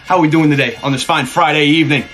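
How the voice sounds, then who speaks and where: Dude streamer all hyped up, kinda out of breath, swears a lot, bright voice, some music in the background. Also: male voice, on the high side, steady tone, fast talker. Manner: hyped, shouty greetings, swears casually. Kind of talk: live stream chat, thanking viewers.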